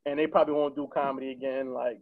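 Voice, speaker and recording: A young man from Connecticut, a stand-up comedian guesting on a podcast, telling stories in an animated, profane, casual way and laughing along. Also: medium pitch, fast talker. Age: young adult. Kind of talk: casual storytelling. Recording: tinny phone-like line.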